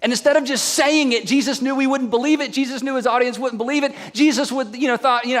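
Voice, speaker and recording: High-voiced preacher in a reverberant hall. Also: male voice, quick pace, few pauses. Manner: animated storytelling, asks the audience questions. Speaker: pastor. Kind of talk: sermon.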